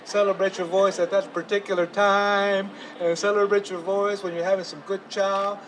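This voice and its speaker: A man's voice: sits high, level tone, normal speed, a bit bright. An older man performing spoken word poetry outdoors, chanting in rhythmic repetition and mixing in Spanish phrases. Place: outdoors downtown street. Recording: distant mic, street noise.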